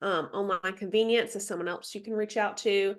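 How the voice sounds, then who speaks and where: Brisk and fairly even in intonation, her mid-range voice comes through a stuffy nose. She's reading slides during a casual video-call training for a sales team she mentors, chatty with plenty of ums and side remarks.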